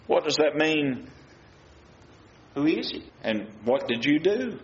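A man's voice: a little high, very animated, slow, pauses often. A man preaching a sermon, reading scripture aloud and asking his listeners rhetorical questions. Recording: muffled, roomy recording with faint hiss.

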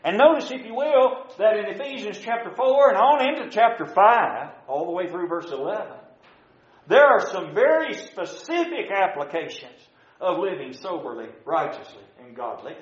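A man's voice: high-pitched, sing-song, moderate pace. Male preacher, folksy sermon delivery, dull lo-fi church recording. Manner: folksy, swinging between loud emphasis and soft drops. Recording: echoey church room, dull lo-fi sound.

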